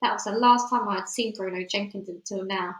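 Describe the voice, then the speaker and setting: A woman reading a children's novel aloud with clear storytelling, then chatting hesitantly as she signs off. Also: mid-range voice, fairly even intonation, brisk, fairly bright tone. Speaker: audiobook reader. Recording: roomy echoey room.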